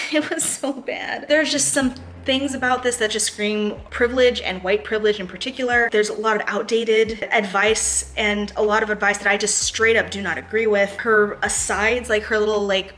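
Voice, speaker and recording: Young woman book vlogger, chatty, laughs a lot, quick little asides, bit of hiss behind her. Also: medium pitch, a bit bright. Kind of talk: casual chat to camera.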